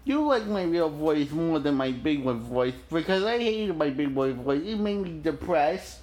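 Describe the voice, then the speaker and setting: A young man recording a casual video message in a soft, childlike voice, with halting restarts and repeated words. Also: a little high, lively intonation. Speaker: vlogger.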